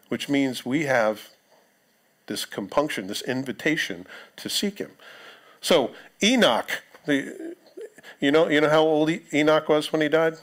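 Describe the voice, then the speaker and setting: A male pastor delivers a sermon in a church, his voice sitting a little high for a man. He keeps it conversational and breaks off into joking asides to the congregation. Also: animated, moderate pace, a bit bright. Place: church sanctuary.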